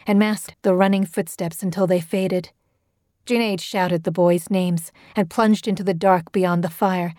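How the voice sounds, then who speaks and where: Horror narrator: woman, steady and measured, mellow dark tone, dry close mic. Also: medium pitch, no room sound. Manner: measured, steady storytelling delivery. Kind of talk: scripted horror story narration.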